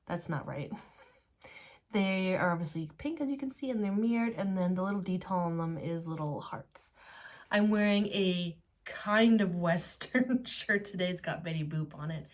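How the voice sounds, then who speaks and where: Woman, 30s, lower-pitched voice, breathless and chatty vlogger touring her home office, filmed on a handheld camera. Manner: chatty and giggly, laughs often mid-sentence; talks fast enough to run out of breath. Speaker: small business jewelry maker. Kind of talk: casual studio tour vlog. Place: small home business office. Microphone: handheld camera while walking around.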